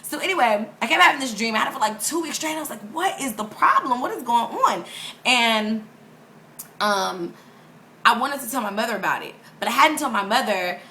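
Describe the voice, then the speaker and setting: A young woman with a bright, forceful voice tells a personal story to camera in an easy, chatty way. She laughs often and acts out quotes, and a faint hiss of noise sits under her voice. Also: fairly high pitch, fairly quick. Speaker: vlogger. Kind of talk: casual storytelling vlog.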